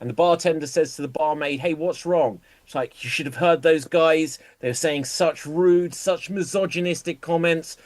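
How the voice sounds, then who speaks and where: A man hosting an improv comedy game, calling on players by name and telling his own bar jokes in a casual way. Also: a little high. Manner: unhurried, calls on players by name.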